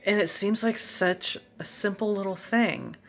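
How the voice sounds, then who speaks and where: A woman's voice: mid-range voice, measured pace, creaky, soft background music. A woman vlogger giving an earnest, emphatic motivational monologue to encourage her viewers.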